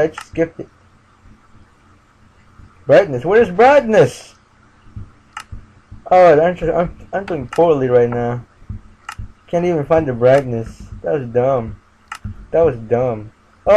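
A man's voice: a little high, measured pace, pauses often, warm tone. A man giving casual gameplay commentary, muttering to himself and chanting sing-song refrains. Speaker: gamer. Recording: dull lo-fi mic with light noise.

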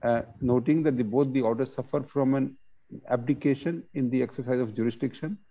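A man with a mellow, mid-range voice presents a webinar over a video call, reading court judgments aloud and explaining them with many pauses and fillers. The audio sounds dull.

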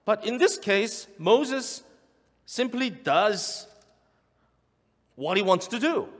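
Lively-voiced pastor preaching in a reverberant church. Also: male voice, fairly high pitch. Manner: earnest preaching with rhetorical questions and repetitions. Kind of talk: sermon. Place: church sanctuary. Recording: long hall reverb.

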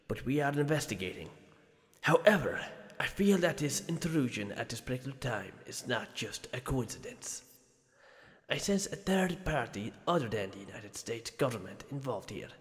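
A man's voice: mid-range voice, lively intonation, moderate pace, big-room sound, lightly acted. A man voicing a stern male village chief with a put-on Spanish accent, reading formal orders aloud in a commanding way.

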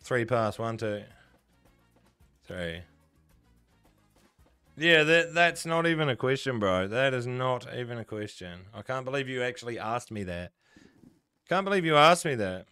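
A man's voice: mid-range voice, big pitch swings, unhurried, long pauses, pushed and bright, smooth, faint music behind. A young man with a New Zealand accent, chatting casually and swearing often while he live-streams slots and answers his chat. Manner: swears a lot, banters with chat. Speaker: gambling streamer.

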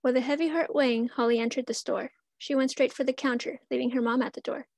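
A woman reading her own rhymed story aloud at a student symposium in measured verse. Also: high voice, steady tone, darkish tone, dry recording. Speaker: student reader.

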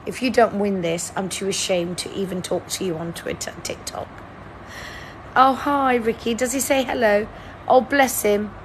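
Slow, teasing woman streamer. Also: medium pitch, slight background noise. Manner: chatty, teasing, playfully dramatic. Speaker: livestream host. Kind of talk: live-stream chat running a word-guessing game.

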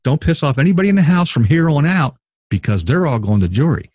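A man talking through a casual show recap with a lively, swooping delivery. His voice is husky and a little rough, and the room sounds dry. He slips into other people's voices to act out what they said. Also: fairly high pitch, fast talker, no echo. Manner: animated, acts out houseguests' lines. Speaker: show host. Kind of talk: casual commentary chat.

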